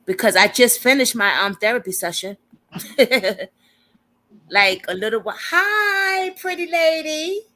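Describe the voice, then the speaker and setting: A woman's voice: medium pitch, normal speed, pauses often, pushed and bright, low-quality recording. A woman hosting a casual livestream, chatty and informal, laughing often as she talks. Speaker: livestream host.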